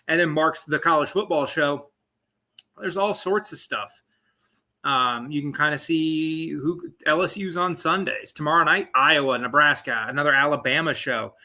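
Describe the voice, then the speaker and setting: Host type, late-20s guy, rambling live sports chat, bright edgy tone, a bit high. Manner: rambling, chatty, lots of fillers and asides. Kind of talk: casual live sports talk stream.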